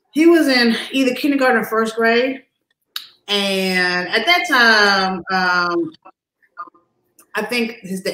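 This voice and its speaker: A woman's voice: medium pitch, echoey room, slight background noise, low-quality recording. A woman guest telling a story in a casual chat, acting out the voices of the people in it. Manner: animated, acts out voices.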